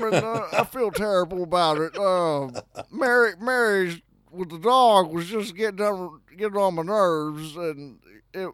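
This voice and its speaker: Man doing a squeaky, stammering, sheepish guy; loud, crisp and dry. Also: no room sound, exaggerated voice. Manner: stammering, rambling.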